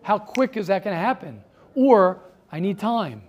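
A man with a notably high voice leads a class discussion. He talks in a stream of rhetorical questions, repeating phrases as he presses his point. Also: very animated, normal speed, muffled recording. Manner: rhetorical questions, repeats himself, grows heated. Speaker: teacher. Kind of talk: classroom talk with students.

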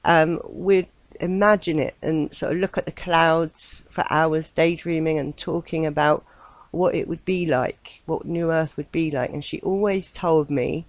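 A woman's voice: low voice, darkish tone, no room sound, rough recording. Chatty English woman hosting a radio show. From England. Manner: chatty, meandering, with frequent fillers and laughter. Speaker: host. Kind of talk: casual rambling radio monologue.

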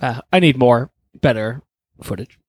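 A man's voice: medium pitch, a little slow, a little mellow, breathy edge, no room sound, studio quality. A man co-hosting a casual podcast, arguing stubbornly and swearing a lot. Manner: stubborn, profane, argumentative banter. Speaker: podcast co-host. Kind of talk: casual chat.

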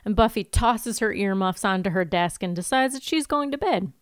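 A woman co-hosting a casual podcast chat, recapping an episode and acting out the characters' lines in a lively way. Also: mid-range voice, normal speed, smooth, no room sound, clean studio sound. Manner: lively storyteller who acts out characters' lines. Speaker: podcast co-host.

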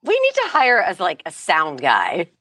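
A woman's voice: fairly low pitch, huge pitch swings, unhurried, a bit bright, no room sound, studio quality. A woman co-hosting a podcast in casual chat, blunt, teasing and sarcastic with her sister. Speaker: podcast co-host.

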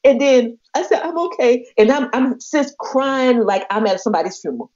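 A woman tells a personal story on a podcast, acting out every quoted voice with lively animation. Her voice sits fairly high yet sounds mellow, and the audio is slightly muffled and lo-fi. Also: moderate pace. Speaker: podcast co-host. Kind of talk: casual storytelling chat.

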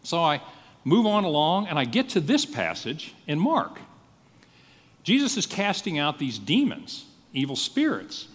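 Pastor guy preaching, voice bounces all over the place, bit high, long reverb in a big hall. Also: a little slow, breathy edge. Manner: animated storytelling, acting out his own thoughts. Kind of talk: sermon.

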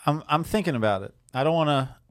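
A man's voice: a little high, expressive, quick pace, dry recording. Joking man hosting a podcast, dry sound. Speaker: podcast host. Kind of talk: casual podcast chat.

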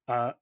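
Quick-talking man running a tabletop game. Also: no echo, clean studio sound. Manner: quick, loose, full of ums and likes. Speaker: game master.

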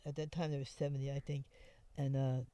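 A woman's voice: very deep voice, level tone, a little fast, warm tone, no room sound. A woman who once lived in a homeless camp, telling her story in a rambling way with many restarts. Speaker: interviewee, former homeless camp resident. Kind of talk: conversational storytelling.

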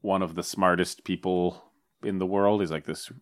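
A man's voice: sits low, steady tone, moderate pace. A young man in casual podcast chat, rambling with lots of filler words. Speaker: podcast co-host.

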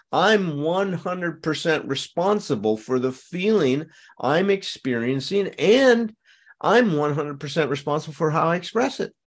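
A man hosting a conversation about recovery, talking emphatically and acting out angry lines as examples. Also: fairly high pitch. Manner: animated, emphatic, acts out angry quotes. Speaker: host.

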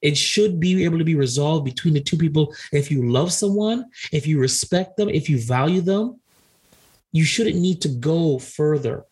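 A man with a slightly husky voice talking on a podcast, calm and matter-of-fact. He stays chill even when he is teasing. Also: a little high, normal speed. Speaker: podcast co-host. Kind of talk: casual podcast chat.

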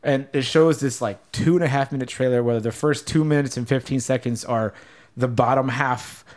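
A man's voice: mid-range voice, steady tone, normal speed, darkish tone. A young man hosting a casual chat, rambling and self-deprecating, laughing often.

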